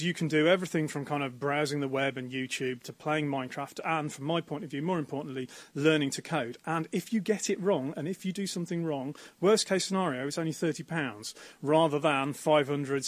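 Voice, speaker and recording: A man's voice: on the high side, fairly even intonation, a little fast, few pauses, dry recording. A man organising a coding event, talking keenly and explaining in a radio interview on a university campus. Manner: enthusiastic, explanatory, with fillers.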